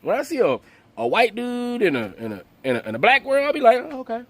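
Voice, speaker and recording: A man's voice: very high voice, wildly swooping pitch, brisk, no echo. A man hosting his channel, delivering a profane, mocking comedic rant full of rhetorical questions. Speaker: channel host.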